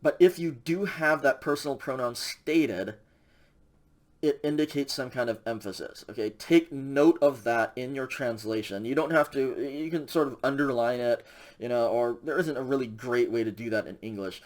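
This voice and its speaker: In this recorded Greek grammar class, the male instructor speaks at normal speed with a medium-pitched voice. He keeps things informal, using many fillers and regularly checking with the class.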